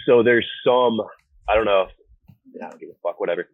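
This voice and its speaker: Young American guy, band singer type: low, husky, blunt and sweary, easygoing storyteller, heard over a thin phone-like line. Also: fast, dry recording. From United States. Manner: blunt, profane, laid-back storytelling. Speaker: band vocalist, guest. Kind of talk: casual interview chat. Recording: phone-like remote call audio.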